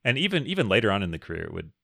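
A man's voice: lowish voice, sing-song, racing, gravelly, pushed and bright, no echo, studio quality. A man co-hosting a podcast, chatting casually, laughing often and reading listener questions aloud. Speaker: podcast co-host. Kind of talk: casual chat.

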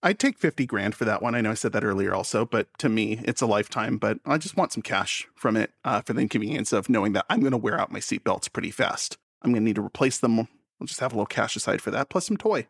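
A man's voice: on the low side, expressive, quick pace, gravelly, husky, no room sound, clean studio sound. A man co-hosting a casual comedic chat, playful and full of silly wordplay and sing-song riffs. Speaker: podcast co-host.

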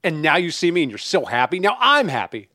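A man co-hosting a casual podcast chat, talking in an animated way and swearing freely. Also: on the high side, fairly quick, dry recording, clean studio sound. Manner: animated, swearing, enthusiastic greetings. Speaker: podcast co-host. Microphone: remote call mic.

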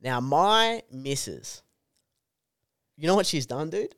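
A young man co-hosts a podcast in casual chat, swearing freely, joking, and calling his co-host dude. His fairly high voice has lively intonation and a fairly bright tone, and he takes it slowly. The recording is dry and has a clean studio sound.

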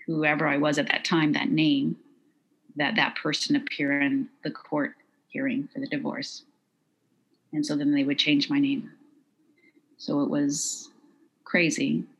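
A middle-aged woman recounting a personal story in an interview, quiet, measured and halting. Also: low voice, flat delivery, slightly rough, dull audio. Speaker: guest.

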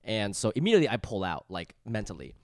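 A man in his thirties chatting on a comedy podcast, telling a story full of fillers and jumping into loud impressions of other people. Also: lowish voice, huge pitch swings, fast talker, no echo, studio quality. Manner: rambling storyteller with many fillers, swings into loud mimicry. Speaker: stand-up comedian. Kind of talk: casual podcast chat.

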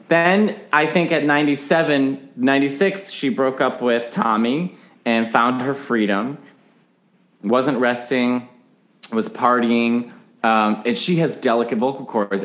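A man as a podcast guest in casual chat, animatedly explaining singing technique and breaking into sung examples. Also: mid-range voice.

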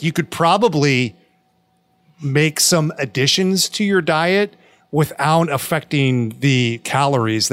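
A man's voice: a little high, no room sound. A man co-hosting a podcast, telling jokes and swearing in casual chat. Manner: joking, profane, animated storyteller. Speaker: co-host.

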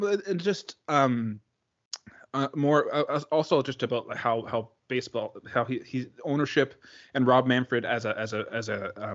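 A man co-hosting a sports podcast in casual chat, talking in halting bursts full of restarts and repeated words. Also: mid-range voice, lo-fi sound. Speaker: podcast co-host.

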